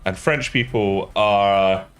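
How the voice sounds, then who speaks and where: A man's voice: fairly low pitch, slow pace, clean tone, faint music behind. A young man chatting casually while streaming a game, self-mocking and laughing often. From England. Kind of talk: casual live-stream chat while gaming.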